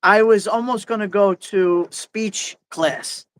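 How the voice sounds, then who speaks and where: A man's voice: sits high, slow, rough recording. A man with a Brooklyn accent hosting a casual live chat outdoors on a windy night, talking in a chatty, joking way. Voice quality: thick New York speech, chatty and jokey. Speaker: livestream host. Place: outdoors at night under an umbrella in wind.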